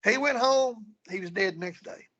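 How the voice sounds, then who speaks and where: A man's voice: high-pitched, normal speed, fairly bright tone, husky, lo-fi sound. A man telling ghost-hunting stories in casual talk, rambling and repeating himself as he goes. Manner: rambling, repeats words and restarts. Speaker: guest paranormal investigator. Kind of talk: casual storytelling.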